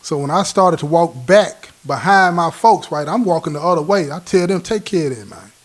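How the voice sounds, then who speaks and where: A man's voice: fairly high pitch, animated, normal speed. A man hosting his own show, telling a prison story in casual street slang and acting out what others said. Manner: street slang, acts out quoted dialogue.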